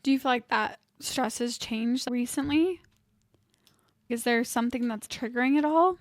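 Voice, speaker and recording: A woman's voice: on the high side, moderate pace, no echo, studio quality. A woman co-hosting a podcast, encouraging and reassuring her friend in casual talk. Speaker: podcast co-host. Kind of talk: supportive casual chat.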